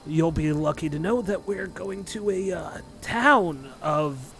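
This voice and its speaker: A game master voicing Ogoth, a deadpan male guide in a tabletop game, who talks slowly and haltingly. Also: medium pitch, soft background music. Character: odd gruff male guide.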